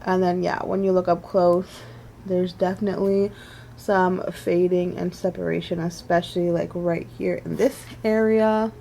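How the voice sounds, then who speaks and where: A woman's voice: fairly low pitch, flat delivery, normal speed, creaky, warm tone, a little hiss or hum. A woman in her twenties chatting casually through a makeup wear test as a beauty vlogger, rambling with lots of "like"s and little laughs. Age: 20s.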